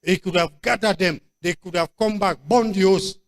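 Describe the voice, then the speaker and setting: A man's voice: high voice, normal speed. A man with a Nigerian accent preaching a sermon as pastor, emphatic and repetitive, with frequent stop-start restarts. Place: church convention hall.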